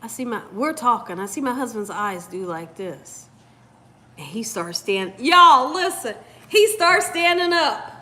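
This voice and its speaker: A woman hosting a channel, telling a story in an animated, casual way and talking straight to viewers. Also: fairly high pitch, measured pace. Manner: animated, addresses viewers as "y'all". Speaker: cooking channel host.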